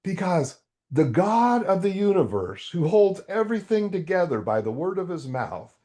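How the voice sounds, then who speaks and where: A man's voice: high voice, moderate pace. A man in his sixties, a guest author animatedly telling a story in a podcast interview. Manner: animated storytelling with quoted dialogue.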